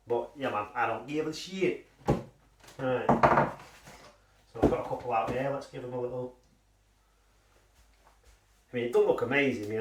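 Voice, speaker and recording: A man's voice: a little high, distant mic. A man casually reviewing a frozen pie, rambling and swearing with self-mocking humour. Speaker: food reviewer. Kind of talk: casual food review vlog. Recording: echoey room, voice off mic.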